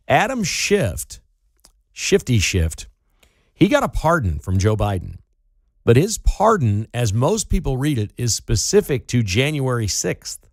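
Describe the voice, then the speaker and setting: A man's voice: mid-range voice, dry recording, clean studio sound. A man hosting a political talk radio show, delivering an opinionated, sarcastic monologue. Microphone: studio microphone.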